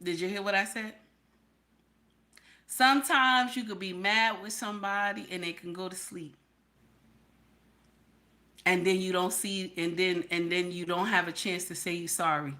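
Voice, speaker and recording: Blunt, bright-voiced woman streamer. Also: on the low side, steady tone, measured pace, long pauses. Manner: blunt, repetitive, checks in with "okay?". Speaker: livestream host. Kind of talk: candid livestream talk to chat.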